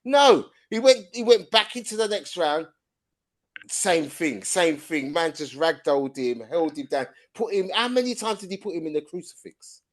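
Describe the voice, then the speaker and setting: A young man, co-hosting a podcast in casual banter, animated and quick to interrupt and repeat himself. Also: a little high. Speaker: podcast co-host.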